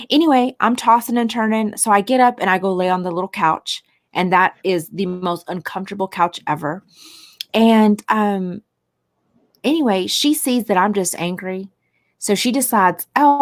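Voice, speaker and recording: A woman co-hosting a casual chat, telling a story in an animated way and acting out the people in it. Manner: animated, swings pitch when quoting people. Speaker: podcast co-host.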